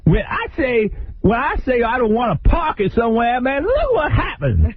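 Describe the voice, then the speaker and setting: Direction: a man playing a furious guy ranting about his stolen rims, loud and high. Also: huge pitch swings, moderate pace, no echo, heavily acted. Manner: loud, swearing, indignant. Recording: narrow lo-fi radio broadcast.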